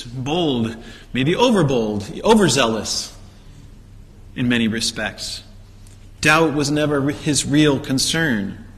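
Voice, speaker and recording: Preaching a sermon, a man tells the story through rhetorical questions and acted-out quotes. His medium-pitched voice has a fairly bright tone, carried by a long hall reverb.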